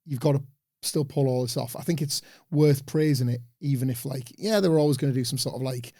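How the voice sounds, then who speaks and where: A man co-hosting a podcast, giving relaxed, opinionated analysis of a wrestling show. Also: medium pitch, a little fast, dry recording, studio quality. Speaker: podcast co-host.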